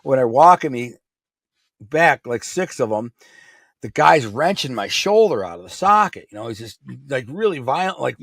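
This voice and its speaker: A man's voice: medium pitch, sing-song, moderate pace, creaky, a bit bright, dry recording, clean studio sound. Blunt streetwise man from Michigan. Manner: blunt, streetwise, rambling with restarts. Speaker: podcast guest. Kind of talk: casual storytelling.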